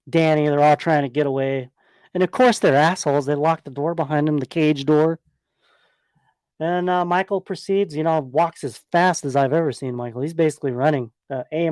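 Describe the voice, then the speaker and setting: Male podcast host, casual and profane, somewhat high voice, dry close mic. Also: a little mellow, no room sound. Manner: casual, profane, rambling with fillers. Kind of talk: casual movie retrospective commentary.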